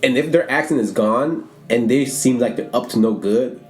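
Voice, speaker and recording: A man's voice: mid-range voice, normal speed, a little mellow. A man co-hosting a casual podcast, recapping the story and adding dramatic asides. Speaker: podcast co-host. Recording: roomy sound with faint guitar music.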